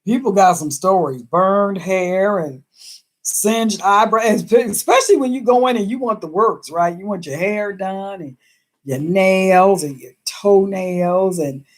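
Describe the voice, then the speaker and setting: A woman chats casually on a live stream, reading out viewer comments. She talks emphatically, laughs often, and her voice sits at an ordinary middle pitch. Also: unhurried.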